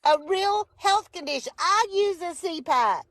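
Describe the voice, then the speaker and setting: A woman's voice: very high voice, expressive, unhurried, a bit bright. A woman in her forties or older, a guest on a political livestream, talking in a passionate, exasperated way and correcting herself as she goes. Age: 40s or older.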